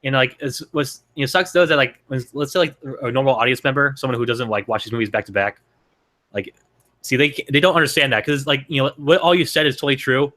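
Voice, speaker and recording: A man's voice: mid-range voice, fast talker, pushed and bright. A man co-hosting a casual movie review chat, rambling and restarting his sentences often. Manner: rambling, lots of fillers and restarts. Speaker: podcast co-host.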